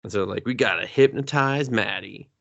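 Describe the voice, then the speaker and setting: A man's voice: medium pitch, normal speed, gravelly, a bit bright, no echo. A man co-hosting a casual movie podcast, recapping scenes with profane jokes and exaggerated voices for the characters. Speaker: podcast co-host.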